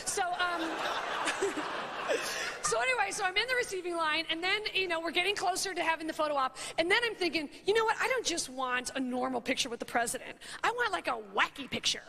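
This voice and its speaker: A woman in her thirties rambling through a funny anecdote in an animated, chatty way, full of "like" and "you know", laughing at her own story. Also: extremely high pitch, brisk, a little hiss or hum. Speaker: comedian and talk show host. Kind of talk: comedic storytelling monologue.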